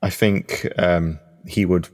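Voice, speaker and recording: A man takes his turn in a tabletop game, thinking aloud as he works out his character's moves. His voice is very deep. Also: steady tone, slow pace, a little mellow. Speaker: player.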